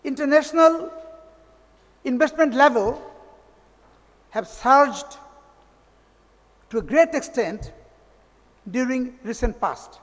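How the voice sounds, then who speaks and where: High-voiced Bangladeshi man giving a formal welcome. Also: animated. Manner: measured, formal, with occasional restarts. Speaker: conference welcome speaker. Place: large hotel conference hall. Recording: echoey hall reverb.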